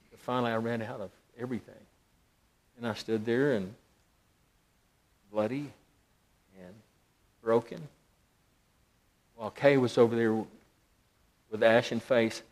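A middle-aged man, a pastor, telling a personal story in a sermon, swinging dramatically between loud emphasis and hushed, near-whispered lines. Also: mid-range voice, steady tone, unhurried, long pauses.

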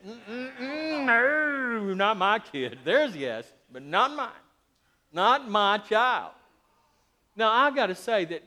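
A middle-aged male pastor preaching a sermon, animated, shifting between loud emphasis and quiet asides. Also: high voice.

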